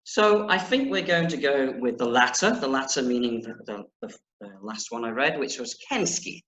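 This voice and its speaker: A man's voice: medium pitch, animated, normal speed, fairly bright tone. A man teaching children in an online reading lesson, playful and jokey, then reading a story aloud with expression. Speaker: primary school teacher. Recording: echoey room.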